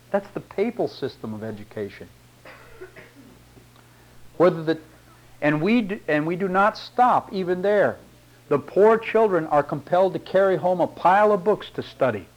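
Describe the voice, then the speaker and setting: A man's voice: a little high, low-quality recording. Man preaching with rhetorical tag questions. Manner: reads long quotations aloud. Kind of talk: sermon reading and commenting on quotes.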